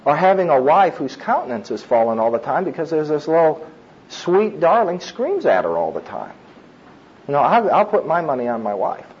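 A middle-aged man preaches in a loose, talkative way, tossing in asides and short laughs. His voice sits a little high for a man and sounds husky, and the recording is dull and muffled. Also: sing-song, normal speed, a little mellow. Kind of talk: sermon on child discipline.

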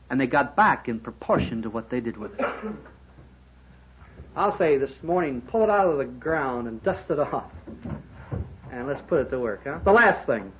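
A man preaching a sermon to businessmen, emphatic, with rhetorical questions and sudden swings between loud and quiet. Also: mid-range voice, expressive, normal speed, pauses often, a little hiss or hum. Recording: dull lo-fi sermon recording.

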